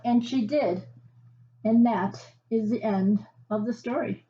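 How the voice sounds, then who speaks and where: Woman reading a picture book to kids, slow and gently teacherly, slightly high voice; slightly muffled recording. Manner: gentle teacherly asides and questions to the listener. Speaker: children's story reader.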